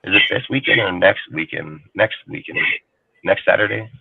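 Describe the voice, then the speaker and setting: A man's voice: low-pitched, expressive, moderate pace, creaky. Man, casual sports talk, profane, rambling, heated, phone-like audio. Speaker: guest on a sports talk show. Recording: tinny phone-like line, dry.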